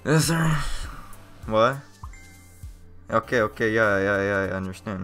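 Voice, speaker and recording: A man streaming a game live, reacting loudly with a lot of swearing and nervous outbursts. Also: fairly low pitch, expressive, unhurried, long pauses, faint music behind. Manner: loud, profane, jumpy reactions. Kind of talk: live gameplay commentary.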